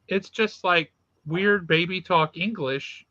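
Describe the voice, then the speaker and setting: A man hosts a relaxed podcast, chatty and amused, cutting in with asides. His voice sits high for a man and rings bright and forward. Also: slow pace, muffled recording. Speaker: podcast host. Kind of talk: casual podcast chat.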